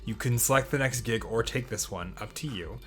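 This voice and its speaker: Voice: mid-range voice, fairly quick, fairly bright tone. Hesitant game master with music behind. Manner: hesitant, many ums. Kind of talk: narrating a tabletop game.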